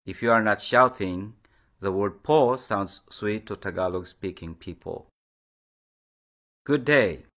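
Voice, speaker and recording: A man narrating a recorded language lesson in a deliberate, measured way, pausing after each phrase. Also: lowish voice, fairly bright tone.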